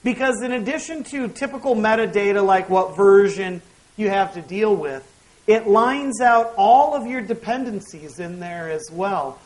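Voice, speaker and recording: A man's voice: sits high, expressive, a little slow, rough recording. A man giving a technical conference talk from the stage, explaining tools step by step with wry asides. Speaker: conference speaker.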